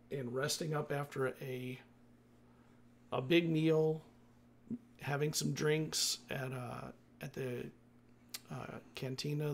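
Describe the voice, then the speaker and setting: A male game master recaps the story so far in a loose, chatty way, correcting himself as he goes. His voice is gravelly with a husky edge. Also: mid-range voice. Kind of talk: recapping a tabletop game session.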